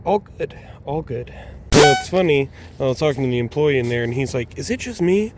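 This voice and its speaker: A man's voice: medium pitch, brisk. A young man, a food delivery driver rambling through profane stories inside his car. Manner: rambling, profane anecdotes with laughs. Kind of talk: casual storytelling vlog. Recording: distant mic with loud road noise.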